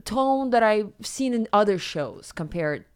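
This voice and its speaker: A woman's voice: mid-range voice, expressive, unhurried, smooth. A woman from Russia, co-hosting a podcast in casual, joking chat. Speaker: podcast co-host.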